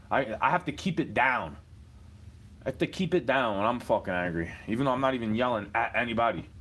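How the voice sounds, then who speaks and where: A man delivering a rambling, profane, aggrieved rant to the camera. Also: medium pitch. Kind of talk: ranting monologue.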